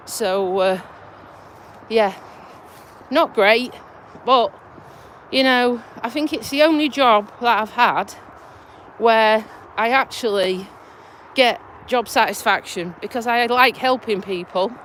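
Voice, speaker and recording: Fairly high in pitch and a bit bright, this woman's voice moves slowly, with a little hiss or hum on the audio. She's a Lincolnshire vlogger and community nurse, accent to match, chatting bluntly and swearing casually on a live stream. She walks outdoors by a tidal river bridge, out of breath and stuffy with a cold.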